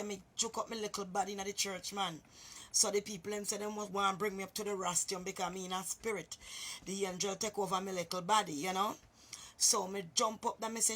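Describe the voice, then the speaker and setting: A woman's voice: medium pitch, flat delivery, brisk, a bit bright, breathy edge. A woman with a Jamaican accent telling a story casually to her viewers, chatty and often calling listeners "boy" or "master".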